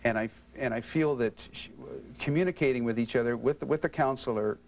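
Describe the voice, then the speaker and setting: A man in a counseling interview speaking haltingly, with many stammered restarts and anger he is holding back. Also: mid-range voice, darkish tone, slight background noise, poor audio. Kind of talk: halting emotional disclosure.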